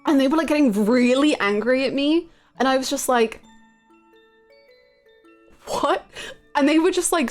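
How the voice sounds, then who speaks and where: A woman with a fairly high voice chats casually on a live game stream, rambling and giggling as she talks to viewers. Soft music plays faintly behind her.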